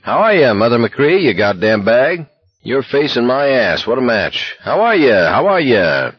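A man's voice: medium pitch, big pitch swings, measured pace, breathy edge, no room sound, lo-fi sound, soft background music, pitched above the performer's own voice. A man voicing a rowdy male spectator who jeers crudely. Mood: jeering. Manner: jeering, crude.

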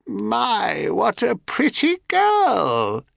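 A man's voice: sits high, wildly swooping pitch, extremely slow, vocal fry, no echo, studio quality, voice pushed up, heavily acted. A man voicing a scheming goddess disguised as an old crone, with a cracked, cackling voice and a wheedling, prying way of talking.

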